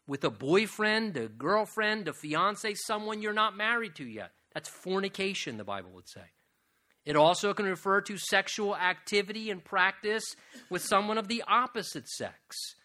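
A man's voice: sits high, bright, forceful tone. A man preaching a sermon, earnest and direct, building to emphatic appeals to his listeners. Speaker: pastor.

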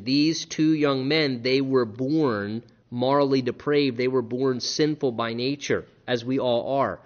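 A man preaching a sermon in an earnest, animated way, often repeating himself and restarting his sentences. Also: medium pitch, lo-fi sound. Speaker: pastor.

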